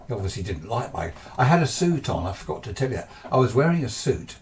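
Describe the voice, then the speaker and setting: A man's voice: mid-range voice, very animated, quick pace, a little mellow, recorded from a distance, slight background noise. A man telling a ghostly tale from memory in a casual, hesitant way, full of restarts and asides. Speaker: ghost story narrator. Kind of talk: casual spoken recollection.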